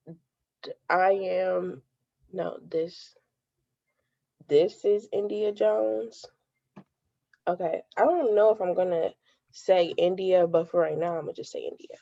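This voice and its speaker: Slow gravelly young woman, hesitant. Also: fairly low pitch, mellow, no room sound, highs cut off. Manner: unsure, halting, asks questions. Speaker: podcast student. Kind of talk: hesitant rehearsal of a podcast intro.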